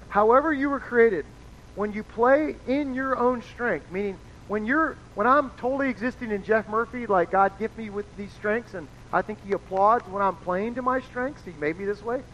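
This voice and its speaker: High-voiced man preaching casually. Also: normal speed, a bit bright. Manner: casual, chatty, acts out quoted voices. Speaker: pastor. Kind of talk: conversational sermon. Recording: dull lo-fi sound with faint noise.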